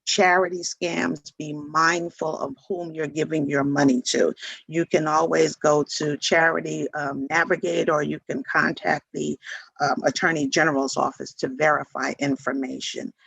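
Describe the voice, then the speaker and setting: A man's voice: fairly high pitch, little pitch movement, normal speed, vocal fry, fairly bright tone, slightly rough, dry recording, low-quality recording. A man presenting a scam-prevention seminar to seniors. He speaks earnestly and repeats words for emphasis. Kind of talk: informational talk to seniors.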